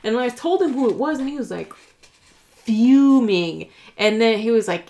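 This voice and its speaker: A woman's voice: fairly high pitch, normal speed. A woman co-hosting a casual podcast, telling a story and acting out what people said, with frequent restarts and swearing. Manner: animated storytelling, acting out quotes. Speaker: podcast co-host. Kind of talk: casual chat.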